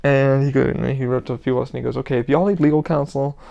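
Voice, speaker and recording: Guy doing a solo podcast, gravelly voice, swears a lot, rambles and does his buddies' lines. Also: medium pitch, steady tone, warm tone, highs cut off. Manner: rambling, profane, quick to act out quoted friends. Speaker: podcast host. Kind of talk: casual solo podcast monologue.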